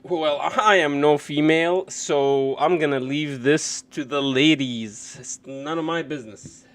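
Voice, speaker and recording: A young man live-streaming, his voice pitched high as he talks through clips in a loose, rambling way. He speaks slowly and unhurriedly, breaking into hard laughter often and swearing freely. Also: expressive, a bit bright. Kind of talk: casual live-stream reaction chat.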